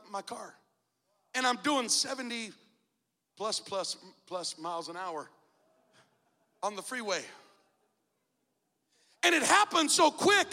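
High-pitched, dramatic male preacher in a church. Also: gravelly. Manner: dramatic, shouts out key phrases. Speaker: bishop preaching. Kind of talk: sermon with personal storytelling. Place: church sanctuary. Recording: long church reverb.

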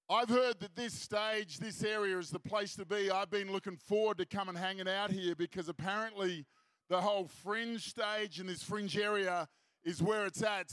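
A man with an Australian accent giving a lively Christian seminar talk on a festival stage, upbeat and jokey, rousing the crowd and repeating key lines for effect. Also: high-pitched, no room sound. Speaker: seminar speaker. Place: festival stage before an audience.

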